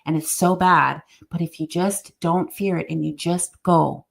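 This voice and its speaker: A woman's voice: fairly low pitch, steady tone, unhurried, gravelly. A middle-aged woman, a podcast guest, tells a story in conversation and acts out the quoted voices with animation.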